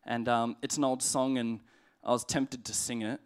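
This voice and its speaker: A man preaching a sermon in a conversational, humorous way, slowing down to read scripture aloud. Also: medium pitch, little pitch movement, clean tone. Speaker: pastor.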